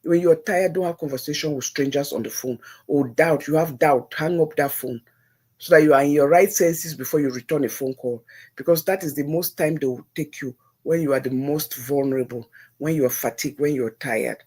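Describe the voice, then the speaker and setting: A woman's voice: sits low, brisk, a little mellow, slightly rough. A middle-aged woman with a Nigerian accent, hosting a livestream and giving earnest, preachy advice to her viewers, repeating herself for emphasis. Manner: preachy, religious. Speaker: livestream host. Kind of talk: casual advice talk to live viewers.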